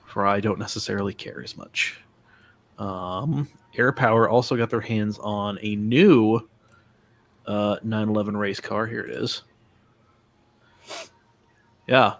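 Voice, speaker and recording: A man's voice: fairly low pitch, fairly even intonation, slow pace, long pauses. A man hosting a casual live stream, chatting loosely with many fillers and restarts. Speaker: stream host.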